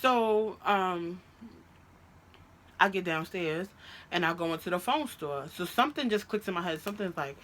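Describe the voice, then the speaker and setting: A woman telling a story about her ex in a storytime vlog, animated and profane, recorded on a phone. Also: lowish voice, normal speed, a little hiss or hum. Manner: animated, profane, recounts a fight with heated quoted outbursts. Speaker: vlogger telling a personal story.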